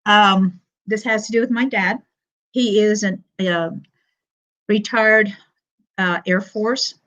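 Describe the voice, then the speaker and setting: An older woman telling a personal story on a live stream, halting, with pauses and fillers and quoted dialogue. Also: medium pitch, steady tone, a bit bright. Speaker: panel guest sharing her story. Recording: muffled lo-fi stream audio.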